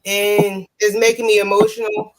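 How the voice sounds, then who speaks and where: A man's voice: high-pitched, big pitch swings, moderate pace, crowd noise, rough recording. Man, emotional, close to tears, repeats himself, casual chat. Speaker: stream panelist.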